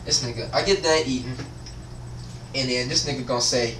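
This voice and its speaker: A man's voice: medium pitch, brisk, pauses often, noisy background. A teenage boy telling a school story as a casual, profane, frustrated rant. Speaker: vlogger. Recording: echoey room, voice from far off.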